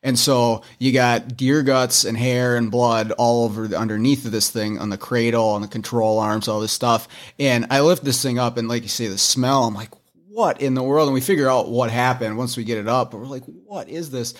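A man who works as an auto technician and teaches, telling a story in casual chat, animated as he quotes himself in disbelief. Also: medium pitch, brisk, hardly any pauses.

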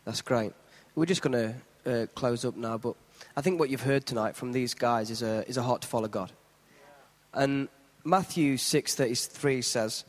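Church host with a steady, encouraging delivery, recorded in a reverberant hall. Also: male voice, medium pitch. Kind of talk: church service hosting and closing prayer.

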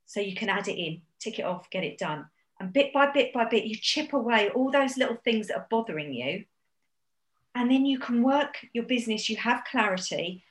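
A woman speaking as a business coach guest, giving brisk, encouraging explanations. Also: a little high, lively intonation. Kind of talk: casual interview chat. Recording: roomy echo.

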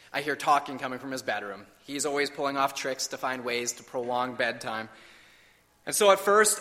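A man in his thirties preaching a sermon in an earnest way, slowing down with emphatic pauses. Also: mid-range voice, bright, forceful tone. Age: 30s. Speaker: pastor. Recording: long hall reverb.

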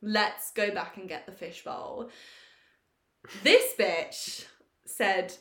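A woman co-hosting a podcast, telling a story in a lively, swearing, self-mocking way. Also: medium pitch, very slow, reverberant. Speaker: podcast co-host. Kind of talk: casual storytelling chat.

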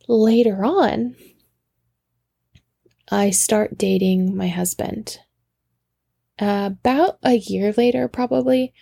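A woman telling a casual story in an animated, laughing way, with frequent swearing. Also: mid-range voice, creaky, breathy edge, no echo, clean studio sound.

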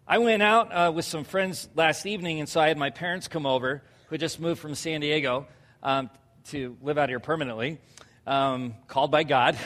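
A man in his thirties preaching a sermon, telling stories loudly and animatedly with laughs. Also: high-pitched, long reverb tail. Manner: loud, animated storytelling with laughs. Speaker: pastor.

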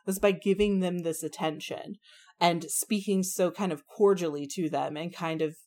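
A woman's voice: fairly low pitch, normal speed. A woman co-hosting a casual book discussion, talking frankly and with slang, and acting out the characters' lines. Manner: animated, frank, slangy, acts out quotes.

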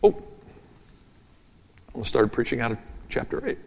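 Man, preacher, sermon, emphatic, repetitive build, asides to notes, medium pitch, reverberant church hall. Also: wildly swooping pitch, unhurried, creaky, darkish tone. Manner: emphatic, repeats key phrases in a rhythmic build; talks through his notes aloud, with asides. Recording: long reverb of a large hall.

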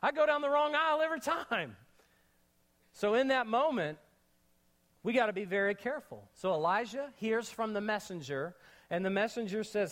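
A high-voiced man preaching an energetic sermon. He jokes with the congregation in casual slang. He sinks to a hushed, earnest tone when he drives a point home. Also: moderate pace. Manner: energetic, joking, with slangy asides. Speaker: pastor.

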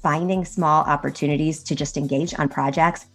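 A woman guest on a podcast giving career advice in a steady, earnest manner. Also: low-pitched, moderate pace, faint music behind.

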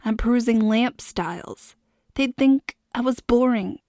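A woman doing a bright, self-conscious teenage girl. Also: fairly high pitch, measured pace, no room sound, clean studio sound, voice pushed up, close to an everyday voice. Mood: exasperated.

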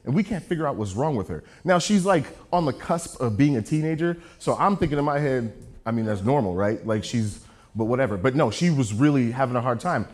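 A man preaching a sermon, telling a story with jokes in an animated, self-mocking way. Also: mid-range voice, brisk.

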